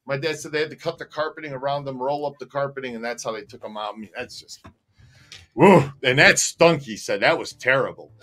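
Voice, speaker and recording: A man co-hosting a casual livestream, telling stories with animated energy, often laughing and reading out viewer comments. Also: mid-range voice, fairly quick. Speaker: co-host. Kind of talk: casual livestream chat and storytelling.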